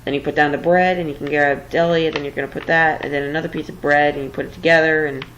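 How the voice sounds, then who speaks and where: A woman's voice: sits low, steady tone, fast talker, a bit bright, muffled recording, slight background noise. A woman giving casual let's-play commentary while building, rambling and a little flustered, tired late at night. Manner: rambling, flustered, self-deprecating. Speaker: gameplay commentator.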